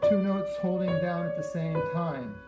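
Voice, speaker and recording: A man gives a relaxed piano lesson, his voice sitting a little high. He explains scale practice between demonstrations, in an echoey room with piano heard behind him. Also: moderate pace. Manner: relaxed, explains while playing and counting aloud. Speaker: piano teacher.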